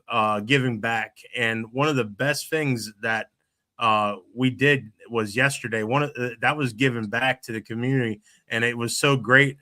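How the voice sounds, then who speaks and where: A man's voice: mid-range voice, bright, forceful tone. A middle-aged man, hosting a casual podcast chat and rambling with many restarts and fillers. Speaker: podcast host.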